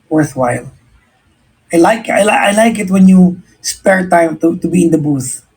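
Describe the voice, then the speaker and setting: Husky Filipino man, earnest host. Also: high voice, lively intonation, normal speed, a little mellow, low-quality recording. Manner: earnest and reflective, mixing English and Tagalog, frequent restarts. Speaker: radio host answering a listener. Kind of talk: casual livestream chat, giving life advice.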